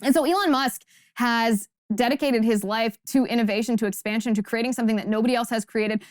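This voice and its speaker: A woman's voice: on the high side, fast, dry recording. Emphatic woman, dry studio sound. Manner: emphatic, sarcastic, rhetorical questions. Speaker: political commentary host. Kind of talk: opinionated monologue.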